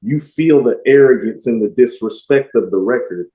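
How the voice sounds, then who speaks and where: A man co-hosting a music podcast, speaking with emphatic, animated energy. His voice is mellow and dark in tone, and the recording carries a roomy echo. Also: medium pitch, normal speed. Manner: animated, emphatic, quotes lyrics with relish. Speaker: podcast co-host. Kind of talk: casual music discussion.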